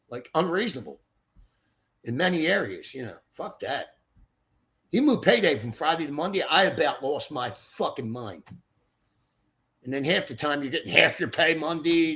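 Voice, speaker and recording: A man's voice: a little high, sharp tone. An older man from Philadelphia hosting a livestream, chatting in a blunt, profane, rambling way. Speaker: livestream host. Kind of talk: rambling casual livestream chat. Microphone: streaming setup mic.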